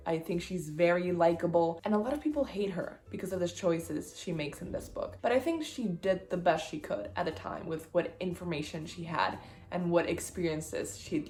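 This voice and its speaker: Young woman, excitable casual vlogger, lowish voice, echoey room. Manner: chatty and excitable. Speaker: book vlogger. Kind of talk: casual chat. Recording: roomy echo.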